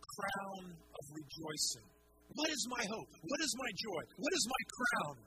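A man's voice: sits high, very animated, measured pace. A man preaching a sermon as pastor to a large congregation in a church, asking questions and pressing each point home. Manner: emphatic preaching with rhetorical questions. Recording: noisy live sermon recording.

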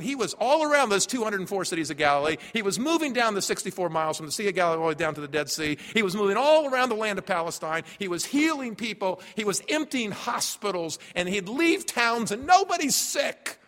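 A man preaching a sermon as pastor, emphatic, dropping to a hush and then rising loud. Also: sits high. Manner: emphatic, swings from hushed to loud. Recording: long reverb of a large hall.

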